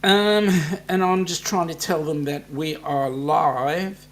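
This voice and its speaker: A man's voice: a little high, takes it slowly, a bit bright. An Australian man hosting a casual live stream chat, rambling and joking as he talks to viewers.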